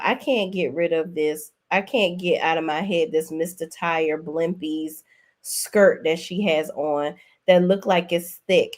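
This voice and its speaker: A woman hosting a casual gossip commentary show, talking in a sassy, blunt, exclaiming way. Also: on the low side. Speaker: host.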